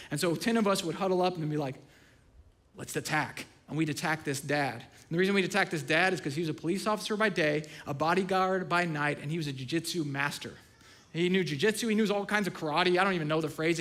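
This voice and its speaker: A man in his thirties delivers a sermon in a casual, storytelling manner, his voice sitting a little higher than most men's. He swings from loud, excited bursts down to quiet, hushed asides. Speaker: pastor.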